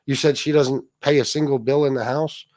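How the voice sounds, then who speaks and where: A man's voice: medium pitch, fairly even intonation, fairly quick, darkish tone, no room sound, clean studio sound. A middle-aged man hosting a livestream, ranting and mocking a rival with heavy swearing and asides to viewers. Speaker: livestream host. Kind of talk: casual profane rant.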